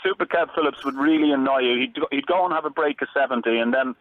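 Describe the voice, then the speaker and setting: Male phone-in guest, quick easygoing talk, tinny phone-line sound. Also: medium pitch, dry recording. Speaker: phone-in guest, former footballer. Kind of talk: casual chat on a phone line.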